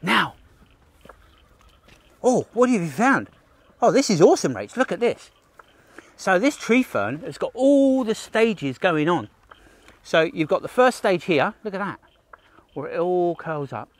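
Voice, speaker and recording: Unhurried and marked by long pauses, this man's high voice swings widely in pitch. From Australia, he enthusiastically leads a livestreamed outdoor nature walk for children, speaking to the viewer, joking, and gasping at the things he finds.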